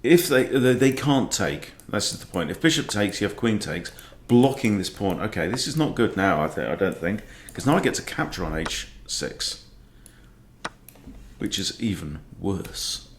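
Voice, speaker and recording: A man's voice: lowish voice, sing-song, normal speed, slight background noise. A middle-aged man, a chess coach, giving self-mocking, exasperated live commentary on his own online games, sighing as he goes. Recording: echoey room.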